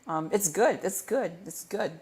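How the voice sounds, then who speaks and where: A man's voice: sits high, expressive, a little slow, darkish tone. Stumbling, playful young-sounding man chatting live. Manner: stumbling, self-correcting, playful rambling. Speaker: livestream host. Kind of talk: casual livestream Q&A chat. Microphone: desk microphone.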